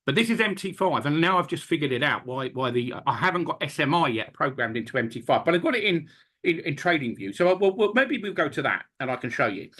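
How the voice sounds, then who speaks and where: A man's voice: a little high, fast. A middle-aged man hosting a live trading webinar, talking through charts with storytelling asides. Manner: animated, talks through charts while switching screens, with storytelling asides.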